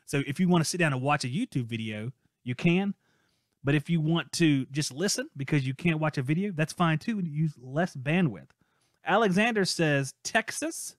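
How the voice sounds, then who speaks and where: A man hosting a live call-in podcast, chatty and playful as he reads out listener messages. His voice sits a little high for a man. The sound is close and dry, with no room echo. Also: lively intonation, moderate pace. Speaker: podcast host. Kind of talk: casual live-stream podcast chat.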